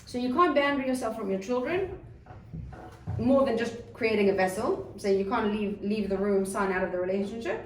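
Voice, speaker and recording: A woman's voice: on the high side, fairly quick. Woman, earnest lecturer, echoey room, faint background hum. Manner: earnest, animated when acting out a child's outbursts. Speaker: parenting teacher. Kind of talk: lecture to a group. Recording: echoey room, mic at a distance, faint ambience.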